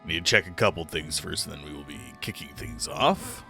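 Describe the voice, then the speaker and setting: Groggy low-voiced male streamer. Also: sing-song, brisk, vocal fry, pushed and bright, soft background music. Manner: rambling, self-deprecating, chatty. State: groggy morning voice, phlegmy. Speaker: let's play streamer. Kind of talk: casual live game commentary.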